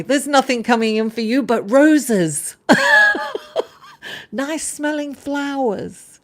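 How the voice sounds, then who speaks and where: A woman's voice: sits high, slow, long pauses, a little mellow. A woman hosting an astrology livestream, chatting casually, laughing often and reading out viewer comments.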